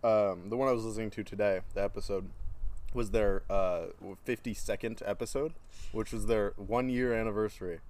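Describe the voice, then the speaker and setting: A man's voice: lowish voice, fairly even intonation, darkish tone. A young man co-hosting a podcast, chatting casually with lots of fillers, often talking while he eats. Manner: talks while eating, with many fillers and pauses. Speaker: podcast co-host. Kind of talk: casual chat.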